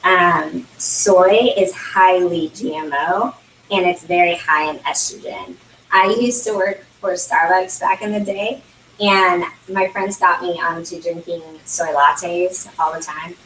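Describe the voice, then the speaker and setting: A young woman gives a chatty, filler-heavy presentation to guests in a room. Her voice sits a little low and comes from across the space, picked up by a camera. The room rings around her. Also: fairly even intonation, takes it slowly, fairly bright tone, slight background noise. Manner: chatty, many fillers, laughs often. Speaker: consultant presenting at a launch party. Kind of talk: casual product presentation. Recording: roomy, distant camera audio.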